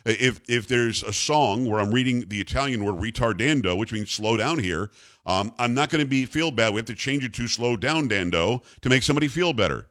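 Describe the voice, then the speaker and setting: An older man runs a talk radio show, and his pitch swings widely as he rants. He is blunt and combative, and he jokes as he goes. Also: lively intonation, a little fast, fairly bright tone. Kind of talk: opinionated talk radio rant.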